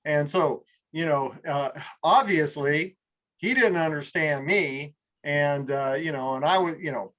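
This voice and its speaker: A man's voice: fairly high pitch, pushed and bright. A man from California leading a group coaching call in a casual, rambling way, full of fillers and restarts, a little tired. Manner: rambling, many fillers and restarts, acts out slow drawled examples. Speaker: group mastermind leader.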